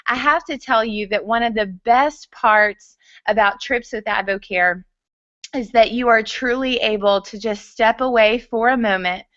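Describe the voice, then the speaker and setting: A woman's voice: on the high side, unhurried, fairly bright tone, no echo, dull audio. An enthusiastic woman from the United States speaking to a conference audience in a motivational stage talk.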